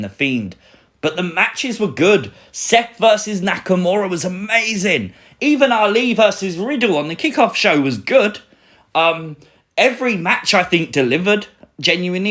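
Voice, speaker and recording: A young man from Britain hosting a casual live stream, excitably reading out and answering viewer comments. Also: a little high. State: recovering, a little sore.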